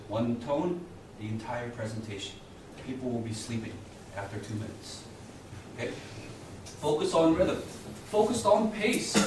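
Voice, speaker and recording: A man in his thirties teaching a communication class, lively and often asking the students questions. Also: medium pitch, slight background noise. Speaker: communication skills instructor. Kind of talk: lecture to a class. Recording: echoey classroom from a distance.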